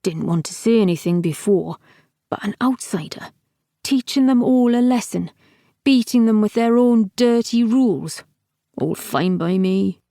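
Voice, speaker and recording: A woman's voice: medium pitch, a little slow, mellow, no echo, clean studio sound, close to an everyday voice. A woman reading an audiobook, voicing a crude, blunt old male falcon who mocks and swears. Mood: mocking. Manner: crass, blunt, mocking.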